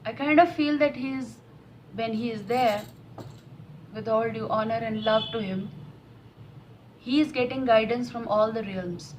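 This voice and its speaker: A woman's voice: a little high, a little slow, pauses often, poor audio. Earnest lady doing a tarot reading on camera, emotional, faint hiss behind. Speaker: tarot reader.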